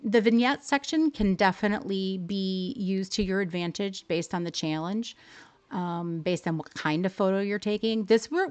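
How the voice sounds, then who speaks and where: A woman hosting a live stream, casually explaining how to use in-game photo settings and often rephrasing herself as she goes. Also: medium pitch. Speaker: livestream host teaching game photo editing.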